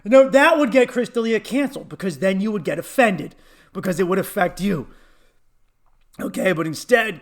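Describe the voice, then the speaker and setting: A man's voice: fairly high pitch, creaky. A man hosting a solo comedy podcast, ranting with lots of swearing and laughing at his own jokes, sniffly from allergies.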